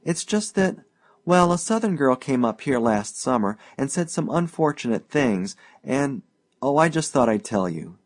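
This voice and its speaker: A man voicing an eager, boastful young northern man in an audiobook, loud, pushy and emphatic. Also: mid-range voice, sing-song, measured pace, voice pushed up.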